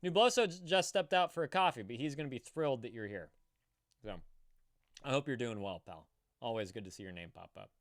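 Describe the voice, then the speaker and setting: A man's voice: mid-range voice, animated, brisk, no echo, studio quality. An American man hosting a live stream in casual chat, swearing freely and greeting viewers by name. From United States. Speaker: streamer host.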